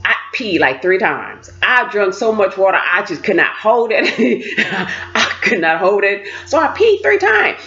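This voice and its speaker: A woman telling a personal story in a casual, expressive way, acting out the voices of the people in it. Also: medium pitch, a little slow. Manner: animated, expressive, acts out voices. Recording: dull lo-fi recording.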